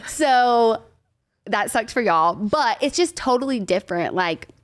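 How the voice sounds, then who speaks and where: A woman's voice: on the high side, expressive, unhurried, no room sound, studio quality. A woman guest chatting casually on a podcast, giggly and full of fillers like "like". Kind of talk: casual chat.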